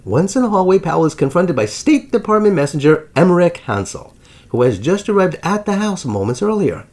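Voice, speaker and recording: A man narrating a dramatic history story as the host of his channel, with big swings in pitch and loudness. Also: big pitch swings, a little fast.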